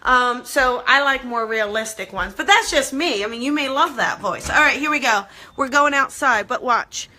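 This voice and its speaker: A woman's voice: sits high, moderate pace, hardly any pauses, pushed and bright. A woman hosting a casual live stream, chatting upbeat with viewers while she walks from her home out to her backyard garden. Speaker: host.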